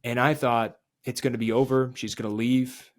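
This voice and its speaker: A man on an interview show tells his own story plainly and openly, with a middle-pitched voice. When the story turns heavy he drops low and quiet. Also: level tone, moderate pace. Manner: confessional, drops quiet and low at emotional moments. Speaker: podcast guest. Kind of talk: candid personal storytelling.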